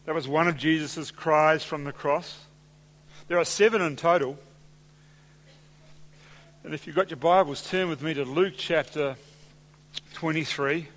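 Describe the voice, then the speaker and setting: A man preaching a sermon in a church, measured and deliberate, dropping softer and slower when he quotes scripture. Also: a little high, steady tone. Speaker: pastor. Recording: long hall reverb.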